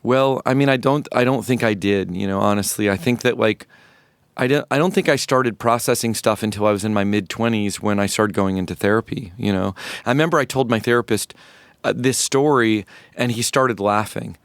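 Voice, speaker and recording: Low-voiced man telling a candid story. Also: smooth, no room sound, studio quality. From rural North Florida, USA. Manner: reflective, halting, many restarts and fillers. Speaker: musician guest. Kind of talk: candid personal storytelling in a podcast interview.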